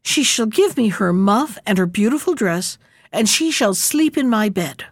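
A woman's voice: medium pitch, animated, measured pace, dry recording, clean studio sound. A woman voicing a fierce, bossy little robber girl in a storybook reading, with a commanding, threatening manner.

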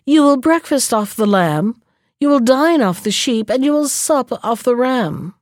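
A woman's voice: fairly high pitch, expressive, a little slow, dry recording, clean studio sound, voice pushed up. A woman voicing a sly, cunning male jackal in a storybook reading, talking politely while he schemes.

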